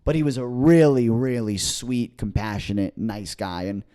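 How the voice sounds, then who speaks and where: Young male podcast co-host, casual storyteller, jumps into quoted voices, mid-pitched. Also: moderate pace. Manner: animated, acts out quotes with big pitch jumps.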